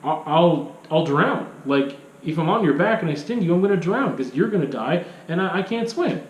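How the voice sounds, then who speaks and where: A man's voice: a little high, expressive, normal speed, reverberant, lightly acted, low-quality recording. A man voicing a scheming male scorpion from a fable, talking in a casual, slangy, pleading way.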